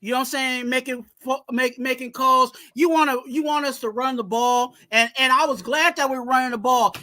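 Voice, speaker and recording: Guy on a fan livestream, bright edgy voice, gets heated and yells. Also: extremely high pitch, steady tone, brisk, hardly any pauses. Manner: heated, ranting, yells at times. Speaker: co-host of a sports fan livestream. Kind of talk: live sports fan stream talk.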